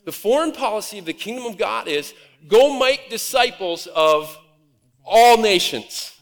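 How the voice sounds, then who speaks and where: A man from Nebraska preaching a conversational, animated sermon from a church stage. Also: high voice, unhurried. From Nebraska, USA. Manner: conversational and animated, acts out quoted voices. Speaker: pastor. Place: church auditorium. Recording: reverberant hall.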